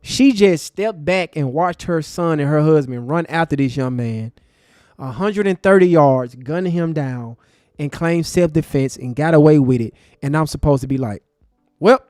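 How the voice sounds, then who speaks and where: Angry high-voiced man ranting on stream. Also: moderate pace, dry recording, studio quality, soft background music. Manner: angry and passionate, swings between loud bursts and low muttering; profane street slang. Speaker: live stream host. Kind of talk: heated live stream commentary.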